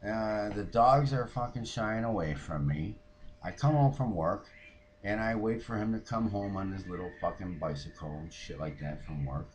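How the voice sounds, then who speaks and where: A man's voice: fairly low pitch, moderate pace, darkish tone, a little hiss or hum, lightly acted. Man playing a foul-mouthed, fed-up woman. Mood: ranting. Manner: profane, ranting, mimics others. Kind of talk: comic character monologue.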